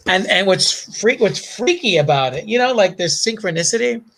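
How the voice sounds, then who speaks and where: A man's voice: sits high, normal speed. A man with a Bronx accent, a comic creator, chatting casually and telling rambling stories full of fillers. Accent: Bronx New York. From the Bronx, New York. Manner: rambling, animated storytelling with frequent fillers and laughs. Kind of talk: casual chat.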